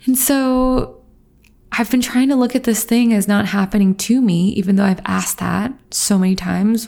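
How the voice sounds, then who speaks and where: A woman in her thirties speaks to her viewers openly and with strong feeling, sounding close to tears. Her voice has a gravelly fry at the ends of her phrases and a mellow, darker tone. She talks in a reflective, personal way. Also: medium pitch, fairly even intonation, moderate pace. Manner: earnest, emotional and open. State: teary. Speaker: vlogger. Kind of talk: personal reflective talk to camera.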